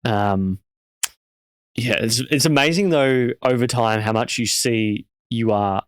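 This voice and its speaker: A man's voice: mid-range voice, slow pace, clear, resonant tone, no echo. A man hosting a casual interview, talking in a reflective, hesitant way. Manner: reflective, hesitant, many fillers and restarts. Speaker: podcast host.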